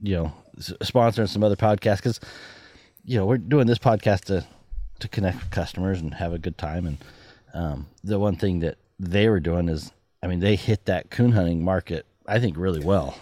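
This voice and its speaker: A man's voice: deep voice, moderate pace, warm tone, dry recording, clean studio sound. A man hosting a podcast in casual chat, rambling, laughing often and restarting his sentences. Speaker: podcast host.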